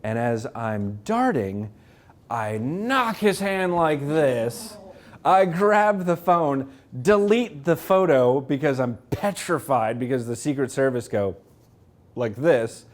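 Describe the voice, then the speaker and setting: A man, an author, telling lively self-mocking stories to an audience at a library talk, acting out the people he quotes. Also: medium pitch, slow pace. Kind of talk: anecdotal storytelling to a live audience. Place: public library event room.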